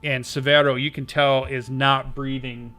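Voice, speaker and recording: A man narrating as game master of a tabletop game, slow and halting, with many fillers. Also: mid-range voice, level tone, bright, forceful tone, soft background music.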